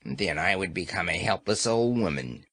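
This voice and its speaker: A man's voice: low voice, animated, normal speed, a bit bright, voice pushed down. A man voicing a sly, defiant old female witch who answers sullenly and grudgingly.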